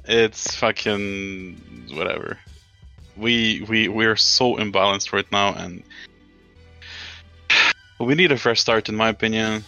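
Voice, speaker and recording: A man's voice: on the low side, sharp tone, dull audio. A man co-hosting a casual football podcast, ranting in an exasperated way and swearing often. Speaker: podcast co-host.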